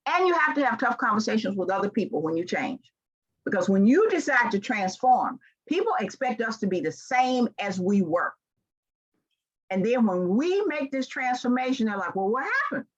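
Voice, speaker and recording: A keynote speaker in her sixties, with a Southern American accent, gives an earnest and emphatic motivational talk that occasionally climbs into animated stretches. Her voice is medium-pitched, and the recording sounds muffled.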